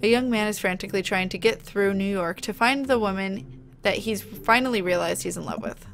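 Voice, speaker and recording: A woman's voice: medium pitch, a little fast, gravelly. A woman streamer reading a dating game's narration aloud with playful, jokey asides. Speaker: game streamer. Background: game music.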